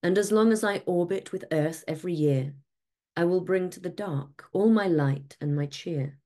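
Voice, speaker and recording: A woman voicing a small, kind and brave female Moon in a storybook reading, speaking in a sweet, gentle voice. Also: fairly low pitch, normal speed, close to an everyday voice. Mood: gentle firmness. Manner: sweet, gentle, soft-spoken. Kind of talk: storybook read-aloud.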